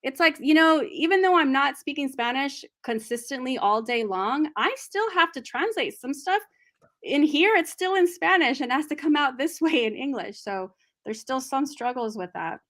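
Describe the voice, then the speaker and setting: A woman's voice: high voice, animated, normal speed, fairly bright tone. A woman hosting a live book discussion, reading out viewer comments in a chatty way. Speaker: host.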